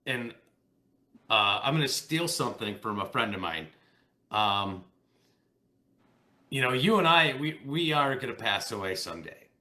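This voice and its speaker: A man hosting a podcast, chatting in a relaxed, conversational way. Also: mid-range voice, unhurried, pauses often. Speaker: podcast host. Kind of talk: casual podcast chat.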